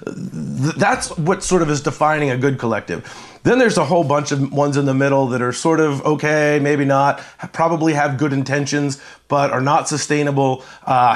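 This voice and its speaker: A man talking through college sports business in a measured, explanatory way, with frequent fillers and restarts. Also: medium pitch. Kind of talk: conversational sports talk.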